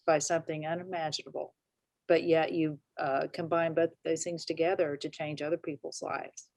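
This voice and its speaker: A woman's voice: low voice, a little mellow, no room sound. A woman hosting a talk show, praising her guest effusively and laughing easily. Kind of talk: warm interview chat.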